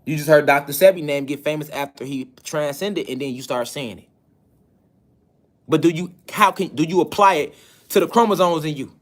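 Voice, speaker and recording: A man's voice: fairly high pitch, moderate pace. A man giving a preachy spiritual lecture online, insistent and emphatic, who keeps firing rhetorical questions at his listeners.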